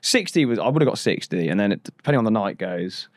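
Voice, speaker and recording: An animated man talking as a podcast guest, laughing easily. His pitch moves a lot as he speaks, and the sound is dry and close. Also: quick pace, no room sound. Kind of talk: casual chat.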